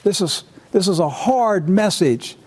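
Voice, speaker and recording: A man's voice: sits high, lively intonation, a little slow, darkish tone, slightly rough. A man hosting a talk show, speaking earnestly and directly. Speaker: host. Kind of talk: casual chat.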